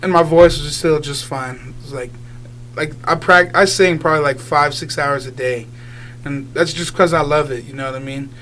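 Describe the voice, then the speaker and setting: A man's voice: on the high side, normal speed, a bit bright, slight background noise. A young man, a guest singer, talking casually in a radio interview, rambling with lots of filler words and easy laughs. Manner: rambling, many filler likes, laughs easily.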